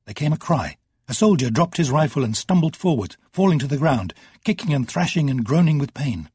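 A man narrating an audiobook in measured, dramatic storytelling. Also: a little high, expressive, a little mellow, slightly rough, dry recording. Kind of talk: scripted narration.

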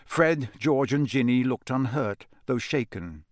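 In studio-quality audio with no room sound, a man reads scripted audiobook narration. His medium-pitched voice carries the story in a measured, expressive manner.

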